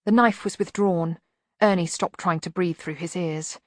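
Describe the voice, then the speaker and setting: A woman with a fairly low voice narrates a fantasy audiobook from a script in a measured, even reading. The recording is dry and studio quality.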